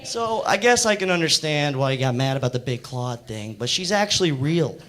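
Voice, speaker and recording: Laid-back young American comic, rambling. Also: male voice, fairly high pitch, normal speed. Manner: laid-back, rambling, deadpan jokes with fillers. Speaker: stand-up comedian. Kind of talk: stand-up set. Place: comedy club stage. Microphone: handheld stage mic. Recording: noisy club recording. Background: audience noise.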